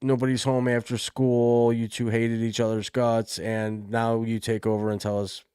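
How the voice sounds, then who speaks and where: A man co-hosting a casual talk show, pressing with quick, joking questions. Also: medium pitch, monotone, darkish tone, clear, resonant tone, no room sound, clean studio sound. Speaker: co-host. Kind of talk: casual chat.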